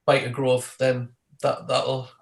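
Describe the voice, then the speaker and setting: With a gravelly, mid-range voice and a completely flat, slow delivery, this guest comedian from Newcastle, England talks in a Geordie accent. The chat is casual, and he rambles, laughing between his phrases.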